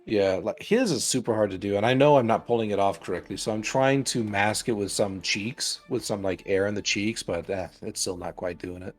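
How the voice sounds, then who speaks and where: A man chatting casually on a game stream, animated and quick to laugh, talking about his own storytelling. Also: fairly low pitch, faint music behind.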